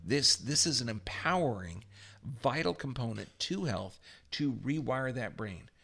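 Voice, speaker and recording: Energetic man giving a health pep talk. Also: medium pitch, measured pace, vocal fry, breathy edge. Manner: energetic, emphatic, repeats affirmations with rising volume. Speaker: health speaker.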